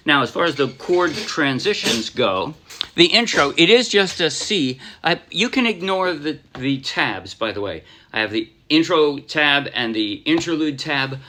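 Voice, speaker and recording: A man's voice: fairly high pitch, big pitch swings, unhurried, pushed and bright. An American man casually teaching a ukulele song, rambling a little and counting beats aloud over his strumming. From United States. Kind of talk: casual music tutorial.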